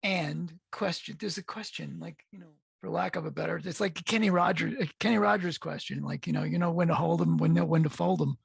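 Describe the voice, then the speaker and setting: A man hosting a podcast interview, asking long, rambling questions with halting restarts. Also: a little high, vocal fry, slightly rough, no room sound, clean studio sound. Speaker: podcast host. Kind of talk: casual interview.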